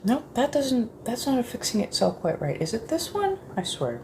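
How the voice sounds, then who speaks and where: A woman chatting in a soft-spoken ASMR style, rambling casually as she goes. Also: on the high side, wildly swooping pitch, normal speed, slight background noise. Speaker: ASMR creator.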